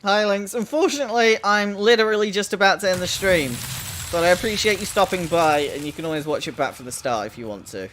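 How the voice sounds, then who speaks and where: During a game live stream, a man chats casually, mocking himself and swearing freely. He says people call his voice odd and cartoonish, and it sits high, with lively intonation and a quick pace. Background noise and faint in-game music can be heard.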